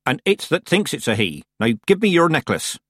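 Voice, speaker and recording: A man voicing a stern, sharp-tongued old witch woman in an audiobook, curt and commanding. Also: a little high, sing-song, moderate pace, breathy edge, dry recording, clean studio sound, voice pushed up, full character voice. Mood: scolding. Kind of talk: audiobook character voice.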